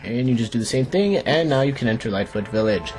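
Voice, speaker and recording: Fast and expressive, this young man's mid-range voice has a darkish tone as he hosts a let's play with game music behind him. He jokes and plays around, rambles, restarts his sentences, and addresses the characters directly.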